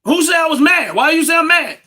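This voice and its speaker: A man, hosting a livestream and ranting about politics loudly and emphatically, repeating his points. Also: extremely high pitch, animated, a little fast. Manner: loud, emphatic and repetitive, laughs between points. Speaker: livestream host.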